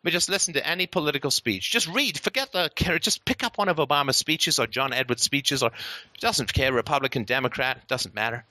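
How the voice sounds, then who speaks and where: Ranting man with a bright, lively voice. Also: medium pitch, brisk, no room sound. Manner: profane, sarcastic ranting. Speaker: host of a philosophy show. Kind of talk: impassioned monologue.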